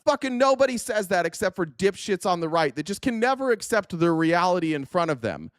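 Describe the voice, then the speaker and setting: Man, podcast host, high-pitched, dry close sound, angry, profane, insulting rant. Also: very animated, fairly quick, no room sound. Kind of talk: profane political rant reacting to clips.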